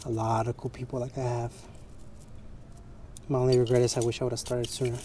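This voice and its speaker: A man's voice: medium pitch, little pitch movement, fairly quick, warm tone, slight background noise. A man with English as his second language, frankly chatting in a rambling, motivational way while detailing his car, swearing casually.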